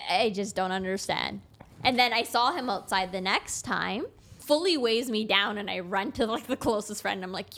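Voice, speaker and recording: A blunt young woman chatting on a casual podcast, telling stories with animated energy. She acts out the other people's lines in quick back-and-forth dialogue. Her voice sits at an ordinary middle pitch for a woman. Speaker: podcast guest, construction taper.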